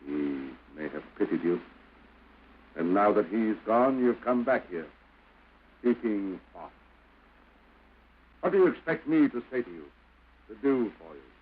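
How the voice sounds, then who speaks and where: A man's voice: fairly low pitch, big pitch swings, unhurried, pauses often, breathy edge, narrow, tinny audio, full character voice. An actor playing a bitter husband who coldly refuses his estranged wife, with theatrical early film outbursts, on an old hissy soundtrack. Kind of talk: early 1930s film acting.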